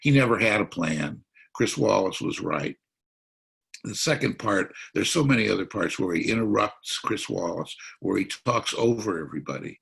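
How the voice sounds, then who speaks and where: A man's voice: fairly low pitch, creaky, a bit bright, breathy edge. A man speaking as a psychiatrist at a political forum, explaining his analysis.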